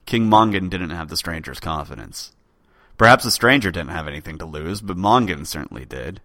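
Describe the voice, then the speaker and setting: A man narrates an old legend in a dramatic read-aloud style. His voice sits low but sounds bright and crisp, recorded close and dry with no room echo. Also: animated, brisk. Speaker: podcast host narrator. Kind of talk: storytelling narration.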